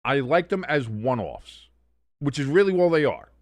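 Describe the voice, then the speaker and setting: A man's voice: medium pitch, big pitch swings, normal speed, dry recording. A man hosting a live watch-along stream, mixing loose, profane chatter with casual play-by-play. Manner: rambling, profane, conversational. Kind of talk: casual live game commentary.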